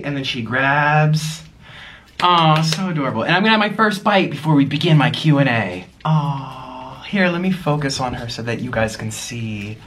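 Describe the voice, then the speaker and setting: A man's voice: medium pitch, expressive, normal speed, fairly bright tone, a little hiss or hum. A young man chatting casually as he eats on camera, gushing and cooing at his pets in baby talk. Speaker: vlogger. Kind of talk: casual mukbang chat.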